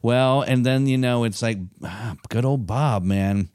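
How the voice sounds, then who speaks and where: A man co-hosting a casual podcast chat, animated and loose, swearing freely and acting out quotes. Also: mid-range voice, unhurried, few pauses, clear, resonant tone, no echo, clean studio sound. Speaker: podcast co-host.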